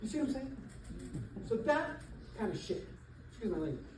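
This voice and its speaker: A middle-aged man, a real estate coach, giving an animated motivational seminar talk to an audience in a church hall. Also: extremely high pitch, brisk, noisy background. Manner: emphatic, animated, laughs between points. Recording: echoey hall, voice from far off.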